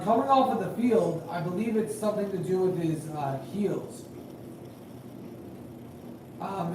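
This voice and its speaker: A man calling a game live in casual play-by-play, rambling and hedging with fillers, growing excited on big plays. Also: high-pitched. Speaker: amateur game commentator and high school official. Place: at home at night. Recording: very echoey room, distant mic, faint noise.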